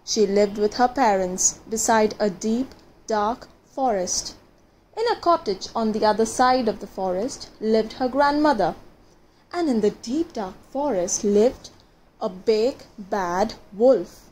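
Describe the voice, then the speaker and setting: A woman reading a children's fairy tale aloud, gentle and dramatic, with pauses for effect. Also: a little high, a little hiss or hum. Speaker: storyteller.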